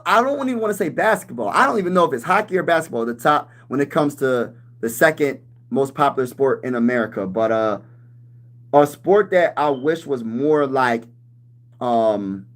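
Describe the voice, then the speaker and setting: A man in his thirties hosting a casual sports livestream, talking loose and slangy, calling everyone "bro" and breaking into shouts when he gets riled up. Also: medium pitch, lively intonation, measured pace. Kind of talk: casual livestream chat reading comments.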